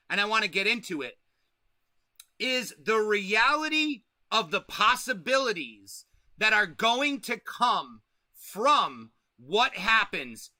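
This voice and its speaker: Man, high voice, very bright, casual livestream host, slangy and swearing, drawn-out emphasis. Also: dry recording.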